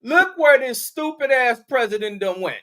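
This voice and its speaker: A man giving loud, mocking, profane commentary over news footage, scornful and quick to laugh. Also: very high voice, animated.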